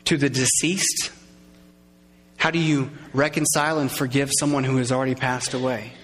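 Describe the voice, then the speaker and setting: A man preaching a sermon, conversational and lively, acting out little quoted voices and drawing in his congregation. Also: medium pitch, normal speed, a little hiss or hum. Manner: conversational, acts out quoted voices, engages audience. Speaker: pastor. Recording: long reverb of a large hall.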